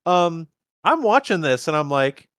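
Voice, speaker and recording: A man's voice: on the high side, very animated, measured pace, fairly bright tone, clean tone, no echo, studio quality. A man hosting a podcast, casually retelling a movie and acting out the characters' lines with lots of stammered restarts. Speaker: podcast host. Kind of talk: casual movie rewatch chat.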